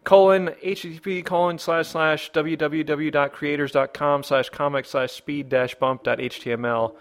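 A man's voice: fairly high pitch, steady tone, moderate pace. A man hosting a podcast who reads listener comments in a joking, rambling way. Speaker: podcast host. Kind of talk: casual podcast banter.

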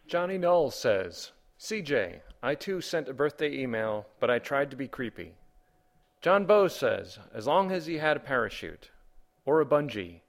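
A man's voice: medium pitch, very animated, unhurried, creaky. A man hosting a comedy podcast, reading listener comments and rambling through wry rhetorical questions. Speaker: podcast host.

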